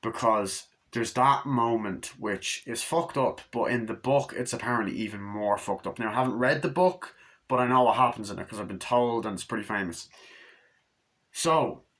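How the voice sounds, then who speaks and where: A young man casually rambling through a movie review, excitable and full of swearing. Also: medium pitch, normal speed.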